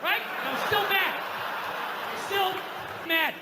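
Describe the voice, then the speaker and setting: Exasperated stand-up comic in an echoey hall. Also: male voice, very high voice, slow pace. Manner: animated storytelling, exasperated rants. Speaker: stand-up comedian. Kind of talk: stand-up routine. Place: large venue with audience. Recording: echoey hall, faint crowd noise.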